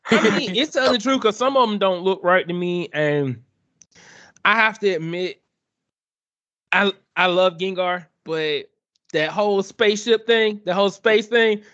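A man with a high, bright voice co-hosts a casual gaming chat. He rants in an animated, exasperated way. The recording is dry and dull, with a lo-fi sound. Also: measured pace, long pauses, no room sound. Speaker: podcast co-host.

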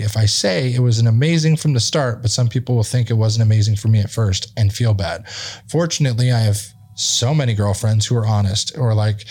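A man's voice: fairly low pitch, warm tone. A man hosting a podcast, reading a magazine article aloud in a casual tone, with offhand asides and stumbles. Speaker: podcast host. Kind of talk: casual read-aloud commentary.

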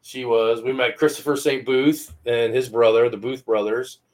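A man hosting a podcast, telling stories loudly and animatedly and acting out other people's voices in casual chat. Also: medium pitch, moderate pace. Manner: loud, animated storyteller who acts out voices. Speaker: podcast host.

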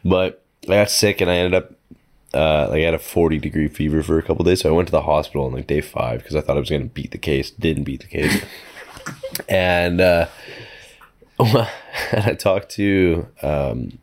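A young man co-hosting a podcast, telling a rambling story in casual chat, pausing to search for words. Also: a bass voice. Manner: rambling, halting with fillers. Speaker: podcast co-host.

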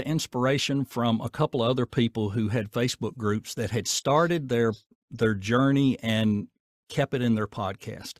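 A man with a Southern accent, talking casually in an interview in a folksy, down-to-earth way with a gruff edge. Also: medium pitch, moderate pace, no room sound, studio quality. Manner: folksy, down-to-earth, rambling with fillers. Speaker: voice actor guest.

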